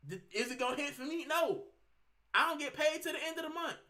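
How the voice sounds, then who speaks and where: Ranting bright-voiced male fan. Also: extremely high pitch, expressive, fairly quick. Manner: fuming, ranting, repeats himself. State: sick, straining his voice. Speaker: fan channel host. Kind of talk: heated fan rant to camera.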